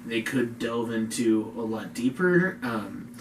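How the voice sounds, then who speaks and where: Slow, laid-back man in an echoey room. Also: mid-range voice, animated. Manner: laid-back, rambling, lots of "like". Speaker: podcast co-host. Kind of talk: casual chat. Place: room in a home. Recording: echoey room, distant mic, faint noise.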